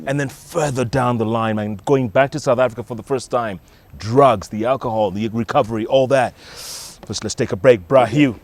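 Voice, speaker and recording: A man's voice: mid-range voice, moderate pace. A man hosting a TV talk show, enthusiastic and hyping up his guest.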